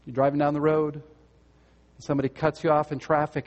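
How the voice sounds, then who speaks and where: Male pastor, earnest sermon delivery, questions the congregation, slightly high voice, reverberant hall. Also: level tone, a little fast. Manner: earnest, direct questions to listeners, repeats words.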